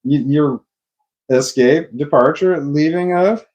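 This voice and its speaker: A man's voice: on the high side, slow, a little mellow. A man rambling through a casual monologue, full of fillers, restarts and swearing. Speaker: vlogger.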